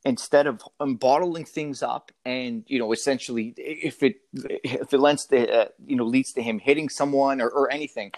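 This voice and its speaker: A man's voice: medium pitch, fairly even intonation, normal speed, few pauses, no echo. A man in his thirties, a father talking in a casual interview, hesitant and full of fillers and restarts.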